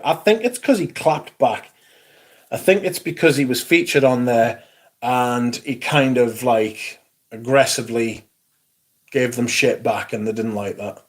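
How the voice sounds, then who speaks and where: A man's voice: mid-range voice, moderate pace. Sweary Geordie man chatting on a livestream. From Newcastle, England. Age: 40s. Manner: blunt and sweary, with a dry sarcastic edge. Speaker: livestream host. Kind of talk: casual livestream chat reading comments.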